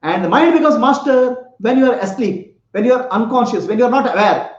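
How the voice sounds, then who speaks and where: A man's voice: very high-pitched, animated, brisk. A man giving a spiritual talk, telling a parable, asking his listeners questions and often laughing. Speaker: spiritual teacher. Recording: echoey room, slightly dull lo-fi sound.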